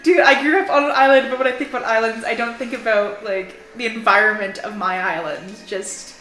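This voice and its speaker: A young Canadian woman co-hosts while gaming, chatting casually, rambling, giggling and saying "like" a lot. Her voice is on the high side and a bit bright, with fairly even intonation and a slightly fast pace. The room is echoey, and game music plays in the background.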